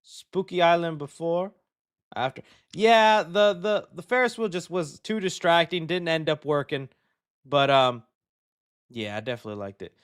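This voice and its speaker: A young man hosts a casual live show, talking in a somewhat high voice. He reacts loudly and excitedly to what he reads. His talk is loose and friendly, full of "dude.". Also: normal speed, clean tone. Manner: excitable, loud reactions, says "dude" a lot. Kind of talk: casual livestream chat.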